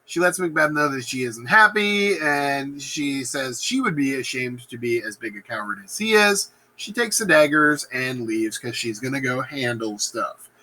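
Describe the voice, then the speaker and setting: A male teacher casually retelling a play in a lesson, slangy and animated, acting out lines in voices. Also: medium pitch, normal speed, hardly any pauses, poor audio. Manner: animated, slangy, acts out quotes in funny voices.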